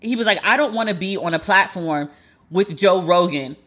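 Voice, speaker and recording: A woman hosting a podcast, chatting casually about celebrity gossip in an animated, sassy, profane way. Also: fairly low pitch, normal speed. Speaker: podcast host.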